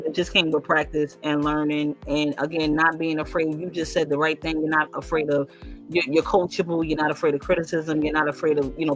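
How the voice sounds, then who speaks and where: A woman with a New York accent hosting a casual livestream chat, emphatic and streetwise, often repeating phrases and giving shout-outs. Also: deep voice. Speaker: host.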